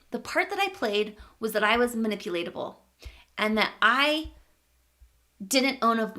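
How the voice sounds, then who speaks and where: A woman's voice: on the high side, sharp tone. A woman vlogger telling a personal story in a candid, emphatic way, swearing casually.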